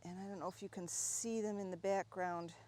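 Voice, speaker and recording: A woman giving a casual, chatty tour of her home garden, talking warmly and excitedly about her plants as she walks. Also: mid-range voice, brisk. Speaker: gardening vlogger.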